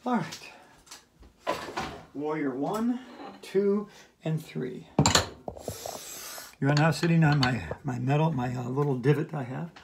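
Silly, gravelly-voiced woman teaching yoga. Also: low voice, slow, long pauses, heavy background noise. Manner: silly, chatty, breaks into singing. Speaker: yoga instructor. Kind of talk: playful home yoga lesson. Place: home hallway.

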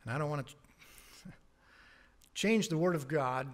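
A man's voice: on the high side, measured pace. A man preaching a sermon as pastor from a church pulpit, emphatic and often chuckling between points. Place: church sanctuary.

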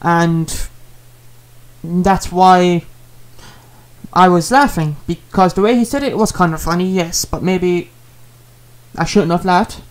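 A man's voice: high-pitched, steady tone, slow pace, long pauses. A man, a streamer talking casually and earnestly, rambling and repeating himself with many fillers as he apologizes to a viewer.

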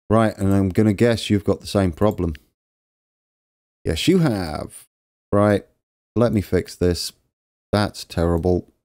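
A man's voice: sits low, warm tone. A man hosting a let's play, chatting casually and poking fun at his own mistakes while he talks to viewers. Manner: self-deprecating, chatty, talks to viewers while fixing trains. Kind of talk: casual gameplay commentary.

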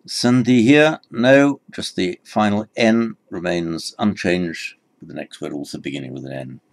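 Slow, gravelly-voiced male Sanskrit teacher. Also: low-pitched. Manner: slow, patient explaining with self-corrections. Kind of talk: recorded language lesson.

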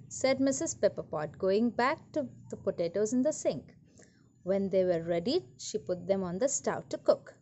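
Animated woman reading children a story. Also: medium pitch, normal speed, lo-fi sound, slight background noise. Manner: animated, asks listeners questions. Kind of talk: children's read-aloud.

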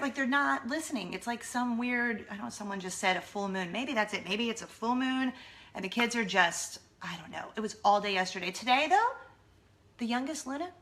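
A woman's voice: a little high, bright, forceful tone. A woman, a mother, chatting casually and self-deprecatingly to her camera. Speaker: vlogger, mother of two. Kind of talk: casual vlog chat.

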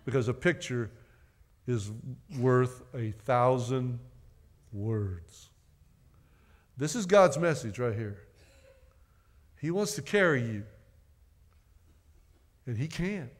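A man's voice: medium pitch, expressive, slow pace, long pauses. A middle-aged man preaching a sermon in a church, earnest and repeating phrases for emphasis. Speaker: pastor. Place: church sanctuary.

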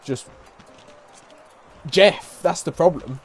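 A man giving excitable, profane let's play commentary as a gaming YouTuber, trash-talking and shouting now and then. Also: on the high side, slow pace, slightly rough. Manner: shouts and whoops suddenly. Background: game music.

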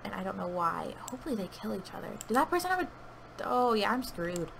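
A woman giving anxious, pleading live commentary on her own gameplay, with sudden loud outbursts. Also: mid-range voice, very animated, fast talker, vocal fry, background noise. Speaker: gaming video creator. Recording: keyboard clicking audible behind voice.

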